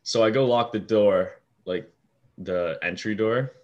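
A young man with a deep voice telling a story in casual talk, swearing freely and acting out what people said. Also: a little slow, dull audio. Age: young adult. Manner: animated storyteller, swears freely, acts out quoted lines. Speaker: fast-food shift manager.

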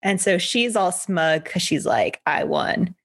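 A woman's voice: lowish voice, animated, a little slow, a bit bright. A woman co-hosting a casual anime discussion, talking with playful, teasing asides. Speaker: co-host.

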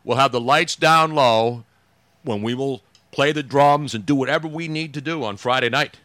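A man hosting a radio show, bantering in a loud, teasing way. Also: medium pitch, normal speed, no room sound. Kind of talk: casual on-air banter.

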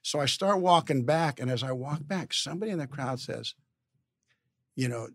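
A man's voice: medium pitch, expressive, normal speed, no room sound, studio quality. A man talking as a podcast guest, telling a long anecdote in a rambling, stop-start way with lots of repeated words. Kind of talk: casual anecdotal storytelling.

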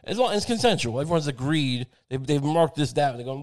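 A man's voice: a little high, lively intonation, brisk, hardly any pauses, a little mellow. A man on a crude, rambling comedic rant, swearing constantly and digressing, slipping into mocking voices for the people he quotes.

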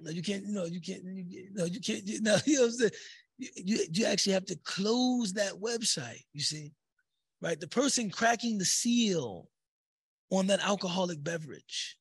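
A man's voice: high-pitched, expressive, moderate pace, husky, dry recording. A man teaching a spiritual text in a conversational way, with many fillers and tag questions. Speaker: religious teacher.

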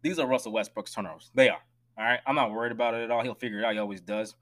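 An emphatic man hosts his own sports podcast, ranting straight at his listeners. His voice jumps between loud, punchy outbursts and low, hushed asides. He speaks at a middle pitch. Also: steady tone, racing. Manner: direct, addresses listeners as y'all. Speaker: podcast host. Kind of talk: solo sports podcast rant.

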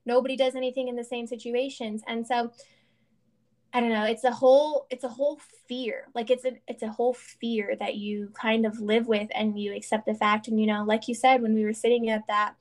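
A woman's voice: on the high side, a little fast. A woman in her thirties, co-hosting a casual chat and telling stories earnestly, with lots of fillers. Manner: earnest, animated storytelling with many fillers.

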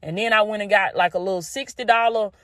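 A woman's voice: medium pitch, quick pace, a bit bright, no echo, studio quality. A woman with a Southern US accent, hosting a podcast and giving a faith-based motivational talk in a folksy, down-home way, repeating phrases for emphasis. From Southern United States. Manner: folksy and down-home, addresses listeners as "baby" and "y'all". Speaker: podcast host.

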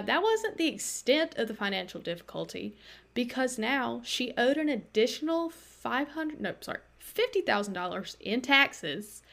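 Chatty woman with a lively, higher voice. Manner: chatty, animated, many fillers and likes. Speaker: podcast host. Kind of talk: casual storytelling chat.

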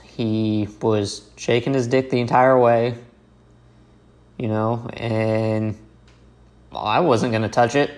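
A young man, a paramedic, casually telling a story in a slow, halting way with many fillers and restarts. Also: medium pitch, steady tone, a little mellow.

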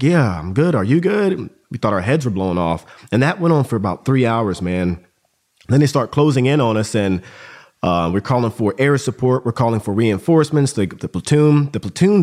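A man talking as a podcast guest, telling a story casually and with energy. He peppers his talk with dude and bro. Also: lowish voice. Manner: animated, slangy, calls listener dude and bro.

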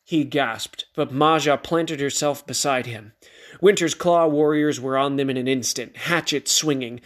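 A man reading a fantasy battle story aloud in a measured, dramatic way. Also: medium pitch, fairly even intonation.

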